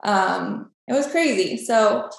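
A woman with a gravelly, creaky voice shares a personal faith testimony as a podcast guest. She tells it vividly and acts out each exchange. The recording rings with heavy room echo. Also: medium pitch, slow pace. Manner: animated storytelling, acts out dialogue. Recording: very echoey room.

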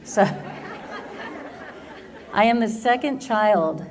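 A woman's voice: a little high, expressive, drawn-out words, darkish tone, a faint crowd, a little hiss or hum. A woman in her fifties from Southern California with an American accent, giving her personal faith testimony as a humorous storyteller who laughs often. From Southern California, USA. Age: 50s.

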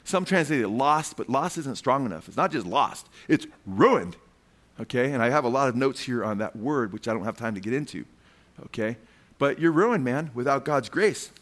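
A man's voice: medium pitch, lively intonation, moderate pace, fairly bright tone. Fervent preacher man calling out "man". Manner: fervent, keeps calling listeners "man", asks the crowd questions. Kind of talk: sermon.

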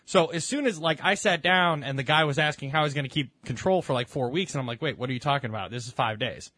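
A young man co-hosting a casual podcast chat, telling stories in an animated way and swearing freely. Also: a little high, fast talker, dry recording. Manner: animated storytelling, swears a lot. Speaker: podcast co-host.

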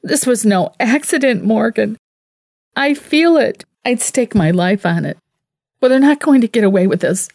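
A woman's voice: mid-range voice, lively intonation, moderate pace, dark tone, dry recording, studio quality, pitched above the performer's own voice, close to an everyday voice. A woman narrator voicing a distraught, fiery grown woman who cries out emotionally. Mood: fierce.

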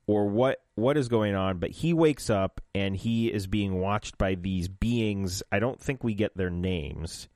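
A man co-hosting a casual podcast, recapping a show with lively asides and goofy voices for the characters. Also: lowish voice, measured pace, hardly any pauses, no room sound, clean studio sound. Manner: animated, slips into goofy voices when retelling scenes. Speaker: podcast co-host. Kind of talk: casual chat recapping an episode.

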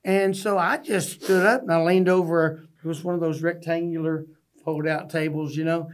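A man's voice: on the high side, steady tone, moderate pace. Earnest man telling stories. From Texas. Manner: earnest, folksy storytelling with restarts. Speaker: podcast guest. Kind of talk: storytelling interview. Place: podcast studio.

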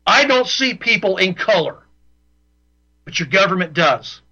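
Radio host, man, high and piercing voice, heated and repetitive, dull broadcast sound. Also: big pitch swings, measured pace, pauses often, bright, forceful tone. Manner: ranting, repeats himself for emphasis. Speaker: radio talk show host. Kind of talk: opinionated radio monologue.

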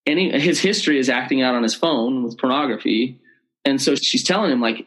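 A man's voice: medium pitch, lively intonation, fairly quick, fairly bright tone, poor audio. A man speaking as an expert guest in an interview, explaining in an earnest way and acting out what people say to each other. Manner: earnest, explanatory, acts out quoted speech. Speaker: betrayal trauma expert guest. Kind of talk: conversational interview.

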